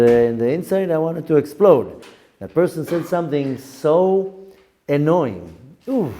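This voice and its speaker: A middle-aged man teaching as a rabbi, his voice mellow and dark in tone at a middle pitch. He talks candidly and animatedly about his own flaws, turning questions on himself. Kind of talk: spoken Torah lesson.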